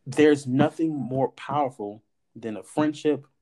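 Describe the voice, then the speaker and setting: A man in casual podcast chat, telling a personal story with animated energy. He acts out the lines people said to him and drops the odd curse word. His voice sits at an ordinary middle pitch. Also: measured pace. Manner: animated storyteller, acts out quoted dialogue, swears. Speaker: podcast host.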